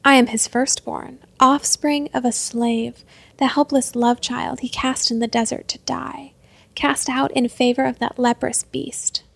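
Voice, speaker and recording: A woman voicing a proud, vengeful princess who speaks calmly and with quiet menace. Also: a little slow, creaky, no room sound, full character voice. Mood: cold, taunting. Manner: calm, taunting, low and menacing.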